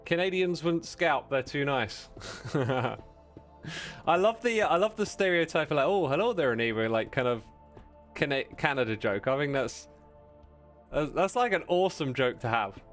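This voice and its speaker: A man's voice: fairly high pitch, lively intonation, moderate pace, fairly bright tone, faint music behind. A man chatting casually with viewers while playing on a livestream, rambling and self-deprecating, laughing often.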